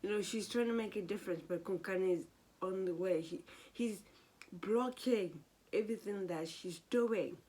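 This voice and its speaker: A woman giving a casual, animated and exasperated recap of a soap opera episode. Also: mid-range voice, normal speed.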